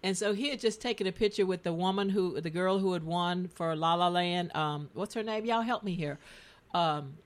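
A woman's voice: fairly low pitch, moderate pace. A woman in casual chat, host of a talk show, telling a story with plenty of animation and frequent laughter.

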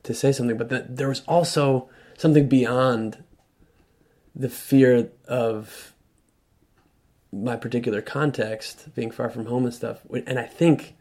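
A man as an interview guest, telling a personal story in a thoughtful, halting way with frequent restarts. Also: medium pitch, steady tone, darkish tone. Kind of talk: reflective storytelling conversation.

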